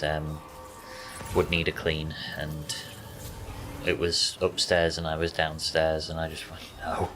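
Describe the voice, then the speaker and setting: Deep-voiced gaming streamer. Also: male voice, a bit bright, slight background noise. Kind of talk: casual commentary while playing.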